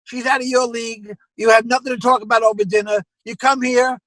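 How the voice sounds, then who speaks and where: Man, high bright voice, dry close sound, animated club-owner storyteller. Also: brisk, dry recording, low-quality recording. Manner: animated storyteller acting out quoted exchanges. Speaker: comedy club owner, guest. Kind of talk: casual anecdote telling.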